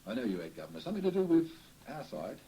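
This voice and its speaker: A man's voice: medium pitch, sing-song, very fast, warm tone, natural voice, low-quality recording. A man in a trance-séance recording, speaking as the spirit of a cheery old Cockney costermonger with a Cockney accent, rambling and chuckling as he chats. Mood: chatty. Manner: rambling, chuckling, folksy chat. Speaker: trance medium.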